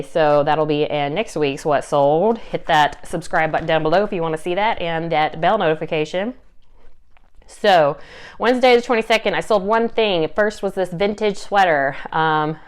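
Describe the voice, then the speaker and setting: A young woman with a Southern US accent talks casually to camera, upbeat and chatty, dropping little laughs and fillers as she goes. Her voice is smooth and clear and sits a little low. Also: normal speed. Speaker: reseller vlogger.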